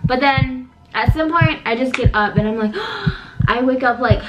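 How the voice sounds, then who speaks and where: A woman's voice: high voice, moderate pace, dull audio, very noisy. A young woman casually telling a vivid story to camera, with lots of fillers, as co-host of a couple's channel. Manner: animated, many fillers, dramatic retelling.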